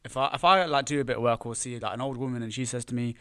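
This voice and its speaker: Quick young man, dry sound. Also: mid-range voice, steady tone, pushed and bright, smooth, no room sound. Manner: talks things through, asks questions, often adds "you know what I mean". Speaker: podcast co-host. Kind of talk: casual chat.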